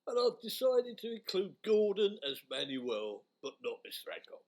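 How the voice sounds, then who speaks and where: A man's voice: sits high, sing-song, moderate pace, a little mellow. A British man playing a blunt male television casting chief in a comic radio sketch. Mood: matter-of-fact.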